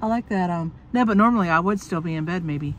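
Speaking fast in a voice on the low side, a woman vlogs from inside her car on her phone, with slight background noise. She's sick and coughing but keeps chatting to camera, joking, laughing, and swearing often.

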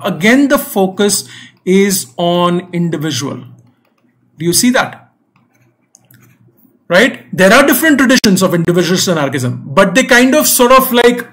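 A young man with a fairly high voice leads an online exam-prep class. He works through a reading passage patiently, repeating key points. He keeps checking that students follow along. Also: a bit bright. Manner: patient, repetitive explaining with frequent "right?" and "okay?" checks.

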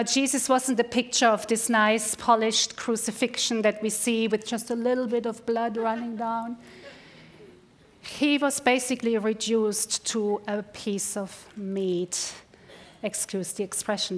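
Earnest woman preaching a sermon. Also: a little high. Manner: earnest, slows down for emphasis. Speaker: pastor. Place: church service.

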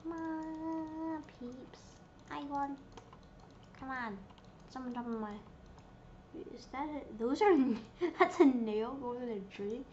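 A woman's voice: sits high, unhurried, pauses often, a little mellow, lo-fi sound, a little hiss or hum. A woman giving casual, playful commentary while she plays a video game, giggling and reading menu options aloud. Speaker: gameplay streamer.

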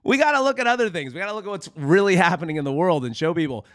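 A man's voice: high-pitched, expressive, racing, no room sound, studio quality. A man hosting a satirical political commentary show in a mock-preachy, sarcastic, folksy manner. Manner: sarcastic, folksy, keeps calling viewers "friends".

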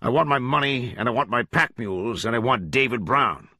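A man's voice: mid-range voice, animated, a little fast, sharp tone, no room sound, studio quality. A man voicing a hard, menacing gang leader who repeats blunt demands without letting up. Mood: cold, demanding.

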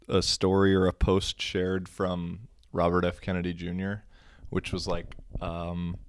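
A man's voice: low voice, vocal fry, dry recording, studio quality. A young man hosting a casual solo podcast, rambling and sarcastic, swearing freely. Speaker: podcast host.

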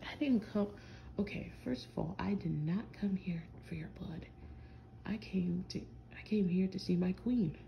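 A woman playing a gravelly teasing vampire boyfriend. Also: medium pitch, moderate pace, lo-fi sound, a little hiss or hum, lightly acted. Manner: teasing, playful, drawling slang. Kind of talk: listener role-play audio.

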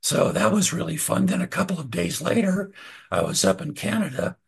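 An older man recounts his photography days over a slideshow in a husky, gravelly voice. His pitch moves a lot, slightly higher than most men's, and he talks in a loose, anecdotal way. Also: normal speed. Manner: relaxed anecdotal, frequent uh and restarts. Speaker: photographer telling stories. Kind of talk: casual storytelling over slides.

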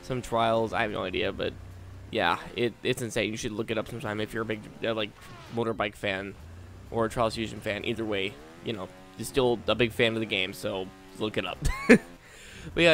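A man giving live gameplay commentary as a gaming channel host, talking to himself and the game, swinging between low muttering and exasperated outbursts. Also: brisk, fairly bright tone, a little hiss or hum.

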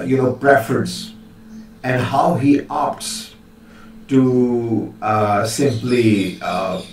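Recorded from a distance in a very echoey room, a man with a mid-range voice lectures on linguistics, a little off-mic and with faint hiss. His delivery is slow and hesitant with many fillers, and he stops now and then to demonstrate pronunciations.

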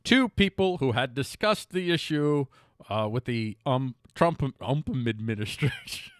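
A middle-aged man with a fairly high, very animated voice hosts a casual news commentary show, his pitch swinging widely as he reads headlines at an unhurried, smooth pace. He keeps interrupting with jokey, self-mocking asides, now and then stumbling and starting over. The recording is close and dry, with no echo or room sound.

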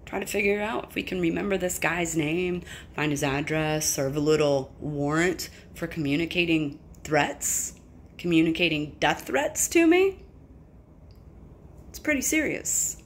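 A woman's voice: low voice, expressive, a little slow, slight background noise. Emphatic woman telling a personal story. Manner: candid, emphatic, swears freely. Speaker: vlogger. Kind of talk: casual storytelling to camera.

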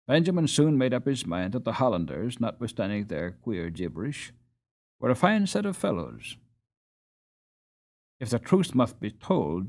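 A man's voice: lowish voice, a little mellow. A man reading a classic children's novel aloud as an audiobook narrator. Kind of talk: storybook reading.

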